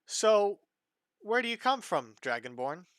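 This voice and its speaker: A man doing a gruff elf woman cook. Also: sits high, very animated, measured pace, noisy background, voice pushed up. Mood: curious. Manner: blunt, clipped questions.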